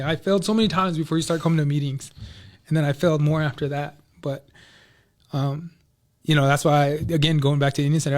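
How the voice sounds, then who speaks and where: Rambling, high-voiced man telling a story. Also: a little mellow. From Minneapolis, USA. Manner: loose and rambling, heavy on "like" and "you know". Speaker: podcast guest. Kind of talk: casual personal storytelling.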